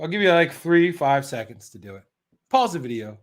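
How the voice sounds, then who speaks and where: An American man running a live-streamed exam prep lesson, chatty and energetic, reading out practice questions and answering viewers in the chat. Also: on the high side, brisk.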